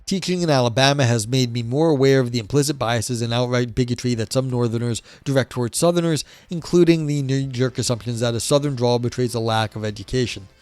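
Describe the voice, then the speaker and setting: A man's voice: medium pitch, fast, few pauses, a little mellow, no room sound. A man from New York hosting a livestream, chatting casually and reading aloud, rambling and swearing with many fillers and restarts. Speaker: livestream host reading a book.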